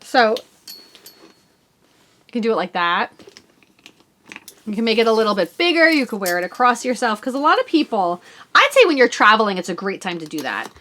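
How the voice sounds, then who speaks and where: A woman's voice: a little high, big pitch swings, a little fast, pauses often, sharp tone, slight background noise. A woman in her forties hosting a knitting podcast, chatting casually as she shows off her purchases, rambling and poking fun at herself. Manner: chatty, rambling, self-mocking. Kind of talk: casual show-and-tell chat.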